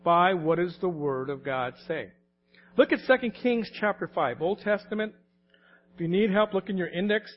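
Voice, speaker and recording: A man's voice: high-pitched, expressive, moderate pace, muffled recording. A man in his late forties or older preaching a sermon in a conversational, anecdotal way, often laughing as he talks. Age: late 40s or older. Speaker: pastor.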